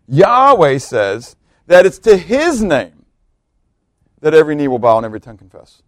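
A man's voice: big pitch swings, fairly quick, no room sound, studio quality. Emphatic preacher, a man with a raised voice. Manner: emphatic, swells on key words then drops low, asks the congregation questions. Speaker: pastor. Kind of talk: expository sermon, reading scripture aloud.

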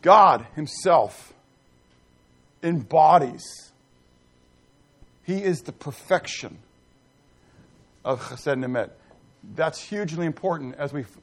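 A middle-aged man preaching a sermon, reading scripture and putting questions to the congregation with emphasis. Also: mid-range voice. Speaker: pastor.

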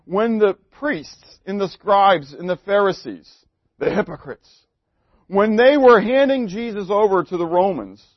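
A man delivers a sermon in a slightly high voice. He swings between loud, pointed emphasis and hushed asides and keeps putting questions to his listeners. The recording is dry and a little dull. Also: expressive, unhurried, dry recording. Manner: asks the congregation questions. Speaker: pastor.

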